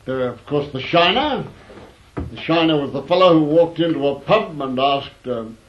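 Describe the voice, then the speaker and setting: A man with a fairly high, expressive voice tells old anecdotes at normal speed. He's wry and rambling, full of fillers and restarts, and the lo-fi recording comes across as dull.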